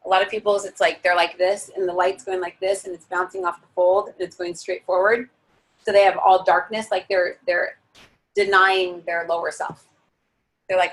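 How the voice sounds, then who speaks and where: A woman's voice: lowish voice, flat delivery, moderate pace, fairly bright tone, poor audio. A young woman leading a guided visualization class in a casual, chatty way, full of filler words. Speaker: spiritual teacher leading a guided meditation.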